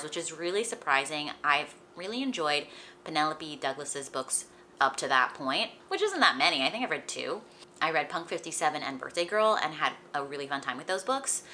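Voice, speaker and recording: A young woman talks casually to the camera while feeling a bit sick, her voice low-pitched yet bright and forward. She rambles in a chatty way, dropping "like" often and laughing lightly. A faint hum of room ambience sits behind her. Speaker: book vlogger. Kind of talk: casual chat.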